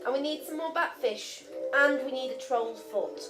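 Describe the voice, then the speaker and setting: A woman's voice: high-pitched, normal speed, echoey room, over music. A woman playing a tabletop game, hesitant and giggly with many ums. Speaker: player. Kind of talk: casual tabletop game play.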